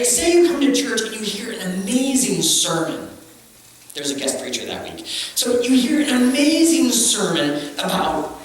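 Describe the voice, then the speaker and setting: A man's voice: sits high, a bit bright. A man preaching a conversational, joking sermon in a church, recorded from a distance in an echoey hall. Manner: conversational, joking, acts out quotes. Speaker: pastor.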